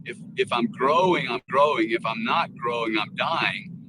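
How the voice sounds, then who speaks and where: A man's voice: medium pitch, moderate pace. Earnest rambling man over noisy line. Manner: rambling, earnest, many restarts. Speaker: guest speaker. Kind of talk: casual livestream panel talk.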